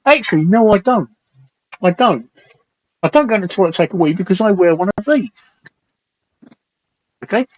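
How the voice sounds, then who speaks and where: Guy hosting a late night stream, slightly hoarse, rambly and crude, a bit higher voice. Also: animated, normal speed, long pauses, low-quality recording. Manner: rambling, blunt and crude, reads out viewer comments. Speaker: talk show host. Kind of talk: casual late-night live stream chat.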